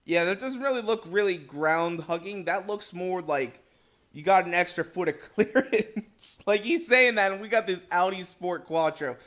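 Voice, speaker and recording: Excitable young man with a high voice. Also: moderate pace. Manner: excitable, chatty, jumps between loud outbursts and quiet asides. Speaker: gaming video host. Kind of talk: casual let's play commentary.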